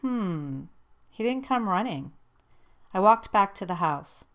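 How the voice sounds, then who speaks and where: A woman narrating a first-person audiobook in a lively, expressive way. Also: mid-range voice, takes it slowly.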